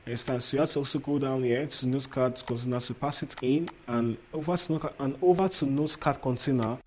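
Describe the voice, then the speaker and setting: A man's voice: mid-range voice, fairly quick, a little mellow, a little hiss or hum. A man with an accent, teaching a coding tutorial while sharing his screen. He repeats himself and keeps asking if viewers understand. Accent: non-native English accent. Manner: repetitive, checks in often with "understand?". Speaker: coding instructor.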